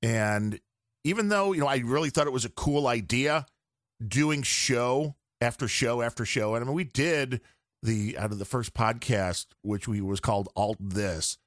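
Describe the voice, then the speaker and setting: A man's voice: mid-range voice, moderate pace, dry recording, studio quality. A man guesting on a podcast, chatting casually and rambling on about audio gear.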